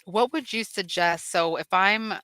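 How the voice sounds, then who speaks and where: A woman with a bright, smooth voice that sits a little low talks through her plans on a coaching call. She thinks aloud with restarts and small laughs, and the sound is dry and close. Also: measured pace, no echo. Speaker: real estate agent being coached.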